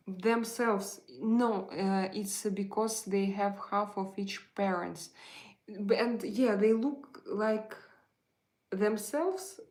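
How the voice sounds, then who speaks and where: A middle-aged woman with a Russian accent hosts a relaxed live chat, speaking in a halting way and often reaching for the right English word. Her speaking voice sits in the middle of the range for a woman. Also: mid-range voice, poor audio. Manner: halting, searching for words, many fillers. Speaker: livestream host.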